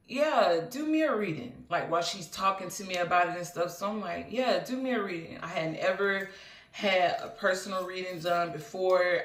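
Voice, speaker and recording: A woman vlogger with a lowish, somewhat bright voice tells a personal story, rambling earnestly with plenty of "um" fillers and asides. She sits some distance from the mic, and the room rings noticeably.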